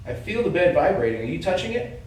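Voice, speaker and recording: Indoors in an old building at night, a man with a Boston accent and a high voice works as a paranormal investigator on a ghost hunt, calling out to an unseen spirit. He speaks quickly but calmly, earnest and coaxing as he urges the presence to talk. The recording is very echoey, with a distant mic and faint hiss.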